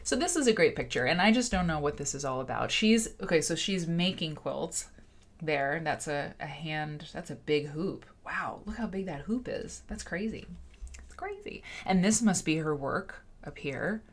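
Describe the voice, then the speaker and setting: A woman's voice: low voice, animated, moderate pace. A woman hosting a livestream in casual, rambling chat, laughing often. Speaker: show host.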